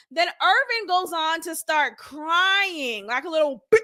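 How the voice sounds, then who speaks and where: A woman hosting her own podcast, recapping a reality show episode in a blunt, animated, slangy way and laughing often. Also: very high-pitched, moderate pace, hardly any pauses. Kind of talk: casual recap commentary.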